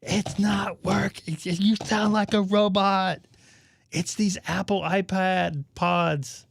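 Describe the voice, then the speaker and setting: A man's voice: high voice, little pitch movement, slow, creaky, no room sound, studio quality, voice pushed up, heavily acted. A man putting on the voice of a grumpy male radio buddy who complains in a whiny, raised voice. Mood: complaining.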